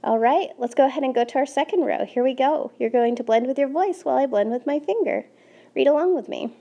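A woman teacher leading young children through a phonics lesson from home, sounding out words slowly and clearly with encouragement. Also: high voice, mellow.

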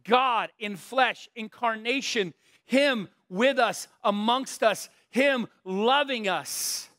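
A man's voice: very high voice, takes it slowly, pushed and bright, no echo, clean studio sound. A middle-aged man preaching a conversational sermon, earnest but breaking into joking asides and self-deprecating stories. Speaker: pastor.

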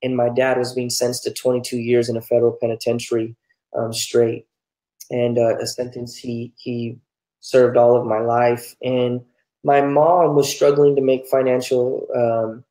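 A man's voice: medium pitch, flat delivery, normal speed, warm tone. Man, pastor, candid life story, earnest, echoey room. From New Mexico, United States. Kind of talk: telling his life story in an interview.

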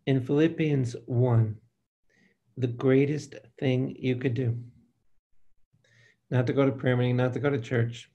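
An older male priest preaching a Bible study with a gravelly, creaky voice. He speaks slowly and with emphasis, putting questions straight to the room and calling for amens. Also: medium pitch, fairly even intonation, mellow, lo-fi sound. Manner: slow, emphatic preaching that speaks to the listeners directly and asks them for amens. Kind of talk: preaching to a live group.

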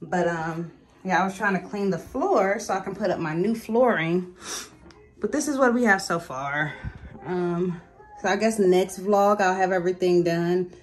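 A woman's voice: on the low side, moderate pace. A young woman vlogging casually from her bathroom at home, filming on a phone and chatting to viewers as "y'all".

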